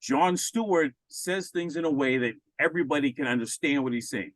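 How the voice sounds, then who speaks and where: A man's voice: on the high side, brisk, no room sound, rough recording. A man co-hosting a casual pop-culture podcast, talking in an opinionated, ranting way with frequent restarts. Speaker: podcast co-host. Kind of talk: casual chat.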